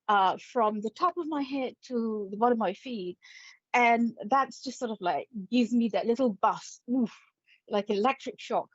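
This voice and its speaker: A woman hosting a psychic live stream, chatty and playful as she greets viewers. She talks slowly in a fairly high voice. The sound is dull and lo-fi, with a dry, close feel. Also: slightly rough, no echo. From England. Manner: chatty and playful, laughs often. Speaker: psychic medium and spirit artist.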